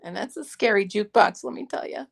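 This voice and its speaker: A woman's voice: medium pitch, fast talker, gravelly, breathy edge. A woman hosting a casual crochet club chat, playful and rambling, laughing often. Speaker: host of a crochet club stream.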